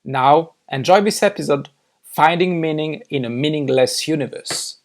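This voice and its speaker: A podcast host speaks English with a French accent, his first language being French. His voice sits somewhat high for a man, and his delivery is light and friendly. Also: moderate pace, slight background noise. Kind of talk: casual chat and scripted show intro.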